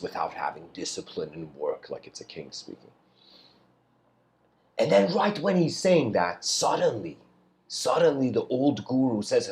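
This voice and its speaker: Brief: low-voiced male lecturer, loose, rambling spiritual storyteller. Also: big pitch swings, measured pace. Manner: loose and rambling, restarts and clears throat.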